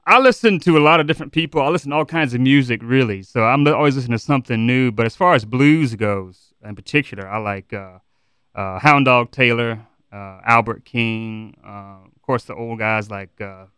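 A man, a blues musician chatting as a guest in an interview, laid-back and letting his voice sink to a low murmur at the ends of his phrases. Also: brisk, a bit bright, clear, resonant tone, no room sound. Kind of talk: relaxed interview chat. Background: acoustic guitar.

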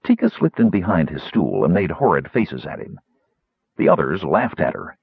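A man reads a fantasy audiobook with an animated, swooping delivery and a lowish, husky voice. The sound is dry and squeezed thin, like a phone line. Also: normal speed, dry recording. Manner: lively, expressive reading. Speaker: audiobook narrator. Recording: tinny phone-like audiobook recording.

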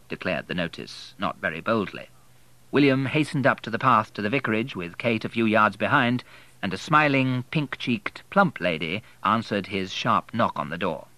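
A male narrator reading a novel aloud with a measured, expressive delivery. His pitch rises and falls widely, and the recording is dry and close. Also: no room sound, rough recording. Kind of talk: audiobook narration.

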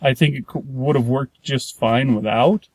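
A man's voice: medium pitch, normal speed, a little mellow, no echo. A man chatting casually about a film, rambling and restarting his sentences, often acting out the characters' lines. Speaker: podcast co-host. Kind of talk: casual movie review chat.

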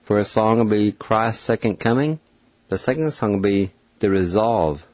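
A man hosting a radio language lesson, spelling out words letter by letter and sounding out each syllable slowly and deliberately. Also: on the low side, darkish tone, no room sound, highs cut off. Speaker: radio host teaching a language.

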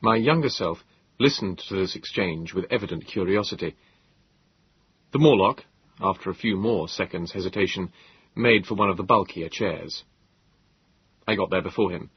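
A man narrating an audiobook in a measured, expressive storytelling manner. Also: sits low, slightly rough, lo-fi sound. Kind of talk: scripted narration.

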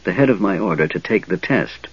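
A man voicing a frail, cold young mage in a soft, wheezing, hissing whisper. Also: low voice, expressive, fairly quick, breathy edge, highs cut off, full character voice.

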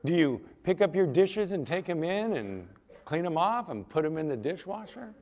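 Lively-voiced male pastor preaching. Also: a little high, moderate pace. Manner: conversational, asks the congregation questions. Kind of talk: sermon.

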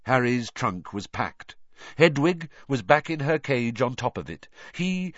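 A man narrating an audiobook in an expressive, animated reading. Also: fairly low pitch, no echo, dull audio.

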